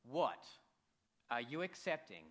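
A young Australian man preaching a church sermon as an intern, jokey and animated, with sudden quiet drops. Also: medium pitch, slow.

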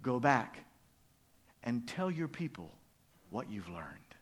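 A man's voice: mid-range voice, very animated, takes it slowly, husky, pitched below the performer's own voice, full character voice. A man voicing a wise, mysterious old male frog in a storybook tale told during a sermon. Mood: solemn. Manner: mysterious, solemn.

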